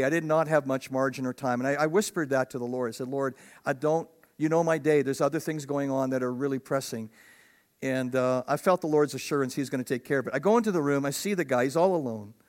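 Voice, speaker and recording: A man, a pastor, preaching a conversational sermon that builds to emphatic, raised peaks. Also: fairly high pitch.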